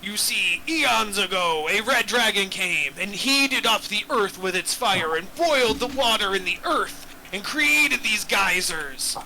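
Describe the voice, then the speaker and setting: A man voicing an ancient male dragon who talks like a slow-drawling pirate. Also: sits high, animated, creaky, bright, forceful tone, a little hiss or hum, full character voice, low-quality recording. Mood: grand.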